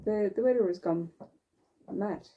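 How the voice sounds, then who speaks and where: A woman with a mid-range voice speaks at an unhurried pace, and the audio sounds narrow and tinny. She's a knitting vlogger chatting casually as she knits, wandering from one thought to the next. Her talk is rambling and chatty, full of fillers and self-corrections.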